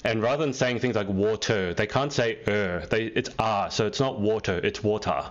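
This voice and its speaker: A man's voice: lowish voice, normal speed. A man hosting a live-stream interview, chatty and teasing, laughing often. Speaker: host. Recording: dull lo-fi stream audio.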